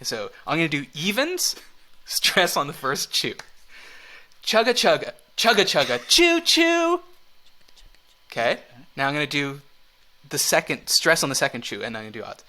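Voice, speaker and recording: A man's voice: mid-range voice, very animated, normal speed, bright, forceful tone. A man hosting a comedy podcast, talking in a playful, giggly, rambling way. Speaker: podcast host.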